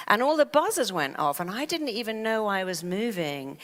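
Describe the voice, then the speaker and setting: A woman's voice: on the low side, quick pace, few pauses. An older woman telling stories in a motivational talk, acting out the voices in people's heads. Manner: animated storytelling, acts out quoted inner voices. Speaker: therapist and self-help speaker. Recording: long hall reverb.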